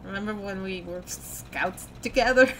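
A woman's voice: medium pitch, moderate pace, fairly bright tone, a little hiss or hum, natural voice, poor audio. A woman voicing a drunk young female cat who rambles, slurs and apologizes over and over, read from a story game. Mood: drunk pleading. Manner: slurred, rambling, pleading.

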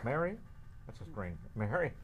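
A man's voice: medium pitch, big pitch swings, normal speed, a loud crowd. Wisecracking New man hosting. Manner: teasing, wisecracking, laughs often. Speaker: variety show host. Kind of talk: joking local cable show banter. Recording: faint room noise.

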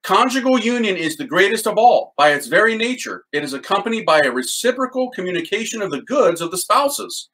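A man teaching a Catholic devotional series with excited commentary on quotes, then leading a litany prayer. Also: high voice, a little fast, few pauses, low-quality recording. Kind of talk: enthusiastic spiritual teaching and prayer.

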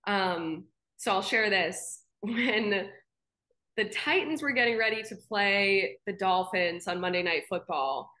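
A woman's voice: mid-range voice, animated, slow, sharp tone. A young woman, a sports anchor, chatting casually as an interview guest, telling anecdotes with frequent laughs and fillers. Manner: chatty storyteller, laughs often, many fillers.

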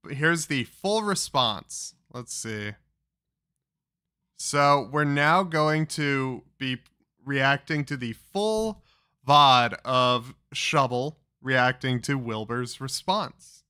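Male commentator, bright slightly high voice, slow and mocking, swears a lot. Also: animated, clean tone, dry recording, studio quality. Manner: profane, mocking. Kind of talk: reaction commentary.

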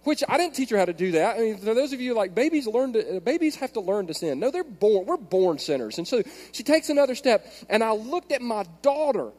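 A male pastor preaching a sermon in a church, moving between soft prayer and loud, animated storytelling. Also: high voice, a little fast, hardly any pauses, in a large hall. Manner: animated storytelling, swings from hushed prayer to shouting. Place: large church hall.

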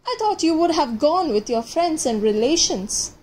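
A woman reading aloud as a kindly middle-aged male park keeper who speaks gently and eagerly. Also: high-pitched, lively intonation, moderate pace, slight background noise, voice pushed up.

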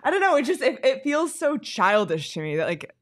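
A woman's voice: sits high, sing-song, fairly quick, dry recording, clean studio sound. A woman co-hosting a sports talk show, dismayed, reading news updates aloud.

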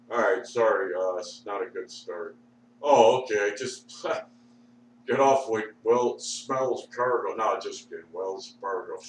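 A man ranting and muttering profanely in a rambling way, sore and struggling to get his words out. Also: on the low side. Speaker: vlogger. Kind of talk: rambling rant at the TV. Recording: echoey room, mic far off, faint hum.

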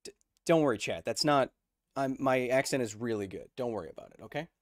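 A man with a mid-range, expressive voice hosts a casual livestream at a quick pace, explaining science conversationally. He checks in with viewers and answers their chat messages, and there's no room sound.

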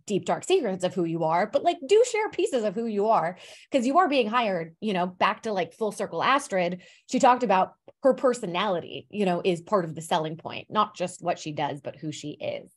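A woman's voice: mid-range voice, big pitch swings, brisk. A woman career coach talking casually to a live online group, chatty and upbeat, with lots of fillers.

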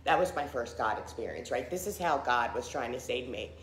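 Low-voiced woman sharing testimony. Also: animated, a little fast, echoey room, slight background noise. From Philadelphia area. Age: middle-aged. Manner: candid, frequent fillers, acts out quoted people. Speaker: recovery testimony speaker. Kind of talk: personal testimony.

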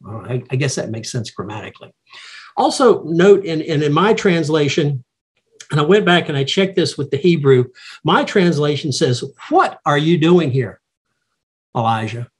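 A man teaches a Bible study, reasoning through the text in a reflective, halting way. His voice is husky and sits a little high for a man. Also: lively intonation.

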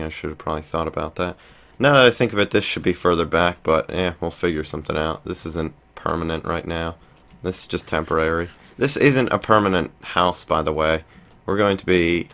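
A young man with a very low voice narrates his gameplay in a loose, rambling way. He thinks aloud, trails off and restarts his sentences often. Keyboard typing can be heard behind him. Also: fairly bright tone. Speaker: let's play host. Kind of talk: casual gameplay commentary.

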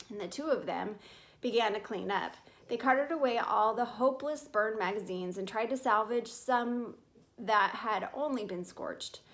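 A woman reading a children's chapter book aloud in a clear, steady storytelling manner. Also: a little high. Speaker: reader.

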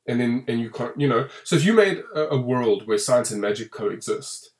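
A man, co-hosting a casual film review and talking in long, restarting runs that grow animated when he complains. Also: medium pitch, moderate pace. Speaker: podcast co-host reviewing a film.

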